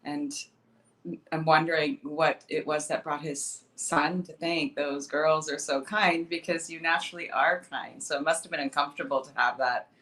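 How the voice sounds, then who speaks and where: Low-voiced woman co-host, soft and distant. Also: steady tone, moderate pace. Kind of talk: casual talk show chat. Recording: voice distant from the mic.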